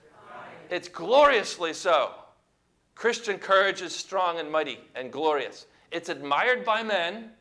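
A male preacher delivering a sermon in a high, bright, forceful voice. He preaches emphatically, pushing up to loud exclamations, and has the congregation repeat words back to him. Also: animated, unhurried.

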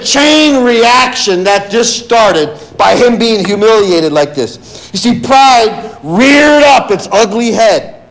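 A middle-aged male pastor preaching with a lively, swinging pitch that climbs high when he stresses a verse. His voice sits a little above the usual for a man, and he reads scripture aloud with emphasis. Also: a little slow, poor audio. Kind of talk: sermon.

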